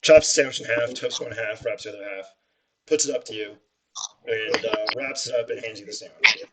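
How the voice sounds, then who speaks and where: A man's voice: fairly low pitch, brisk, a little hiss or hum. Gleeful improvising game master man. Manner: animated, laughing, gleefully grotesque. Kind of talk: improvised tabletop narration.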